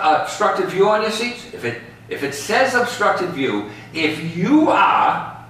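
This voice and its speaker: A man's voice: sits high, a bit bright. A man guiding a ballpark tour, telling stories and tagging his lines with "all right?" and "okay?". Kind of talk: guided tour talk. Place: outdoors in a large ballpark. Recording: very echoey, distant mic, faint background noise.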